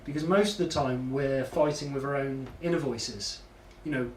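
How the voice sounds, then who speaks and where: A man's voice: mid-range voice, normal speed. A man giving a casual, rambling, self-deprecating demo of electronic music gear. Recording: echoey room, distant mic, loud background noise.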